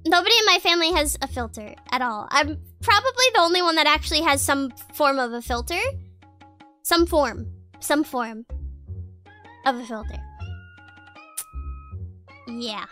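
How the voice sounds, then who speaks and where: A woman's voice: high voice, bright, forceful tone. A woman streamer telling rambling family stories in casual chat, giggling often and restarting sentences.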